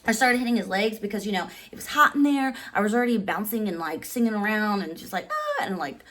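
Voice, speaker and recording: A woman in her thirties telling a personal story in casual vlog style, animated and full of "like", acting out quotes with sudden pitch jumps. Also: fast. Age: 30s. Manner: animated, heavy use of "like". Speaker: vlogger.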